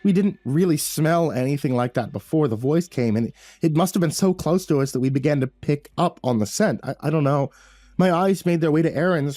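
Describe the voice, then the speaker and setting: A man's voice: a little high, warm tone, dry recording. Man telling a tense horror story. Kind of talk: first-person horror story narration.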